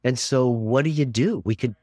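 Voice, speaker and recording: A man's voice: medium pitch, moderate pace, mellow, no room sound, clean studio sound. An older man, a documentary filmmaker, talking earnestly and expansively in an interview, often repeating words for emphasis. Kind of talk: reflective interview talk.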